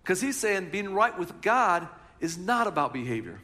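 Male pastor, high and bright tone, animated sermon delivery. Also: moderate pace. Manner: animated storytelling, talks to the congregation.

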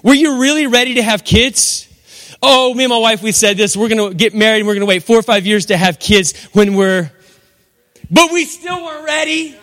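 A man's voice: high-pitched, fairly even intonation, brisk, fairly bright tone. A middle-aged man preaching a sermon as pastor, emphatic and repetitive, with rhetorical questions. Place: church hall. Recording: long hall reverb.

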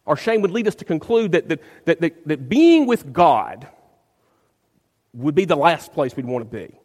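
A man's voice: on the high side, big pitch swings, moderate pace, darkish tone, long reverb tail. A man, a pastor, preaching a sermon in an emphatic way, often repeating words as he searches for the phrasing.

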